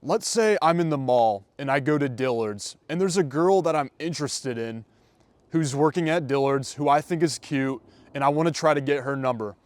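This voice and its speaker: A man's voice: medium pitch, lively intonation, normal speed, dry recording. A young man in his twenties, a dating coach giving casual vlog advice and acting out example conversations. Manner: conversational, acts out example dialogues.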